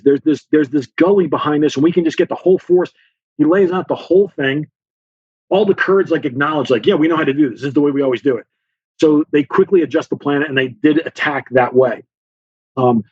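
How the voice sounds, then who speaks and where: A man speaking in a fairly high, husky voice, recounting events as a guest on an interview show. He acts out the lines of the people in his story and talks with frequent fillers. The sound is dry and a bit muffled. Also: no echo. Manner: animated storyteller, acts out dialogue, many fillers. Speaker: guest author, former Special Forces officer.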